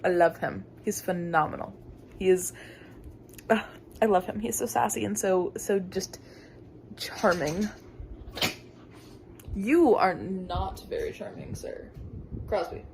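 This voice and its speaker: Unhurried young woman gushing over a book. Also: vocal fry, background noise. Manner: thinking aloud, reacting to a book with giggles, gasps and sudden high exclamations. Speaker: book vlogger. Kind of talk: casual reading vlog.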